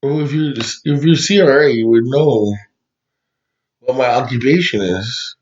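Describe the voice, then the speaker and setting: A man's voice: medium pitch, a little slow, darkish tone. A man co-hosting a podcast in casual chat, laughing often and restarting his sentences. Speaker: podcast co-host. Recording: dull lo-fi sound.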